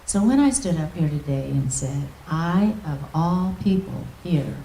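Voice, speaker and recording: A woman minister telling an emotional testimony in a storytelling manner, often dropping to a soft, near-whispered voice. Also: sits low, lively intonation, measured pace, gravelly, slight background noise. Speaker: guest minister. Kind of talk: testimony preaching. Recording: echoey hall, distant mic.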